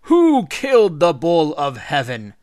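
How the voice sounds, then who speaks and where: A man voicing a proud, boastful hero king who declaims loudly in a read-aloud story. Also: a little high, wildly swooping pitch, takes it slowly, smooth, no echo, studio quality, voice pushed up, heavily acted. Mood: triumphant shouting.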